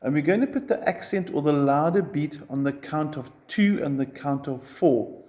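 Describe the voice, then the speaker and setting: A man's voice: a little high, normal speed, noisy background. A man teaching a ukulele lesson, explaining chord shapes step by step and counting strums aloud. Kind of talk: music lesson.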